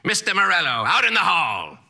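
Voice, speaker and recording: A man voicing an eccentric old male Latin teacher who speaks in a strange, theatrical way and yells bluntly. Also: high-pitched, wildly swooping pitch, a little fast, creaky, voice pushed up, heavily acted. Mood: yelling.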